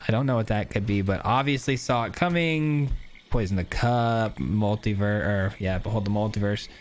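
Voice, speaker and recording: A man's voice: on the low side, moderate pace. Chatty man commentating his gameplay. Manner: chatty, thinks aloud, frequent filler words. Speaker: gaming YouTuber.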